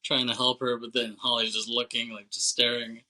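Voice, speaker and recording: A man co-hosting a podcast, recapping a film plot in a loose, chatty way, full of "like", quick laughs and casual swearing. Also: medium pitch, flat delivery, bright, forceful tone, low-quality recording. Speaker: podcast co-host.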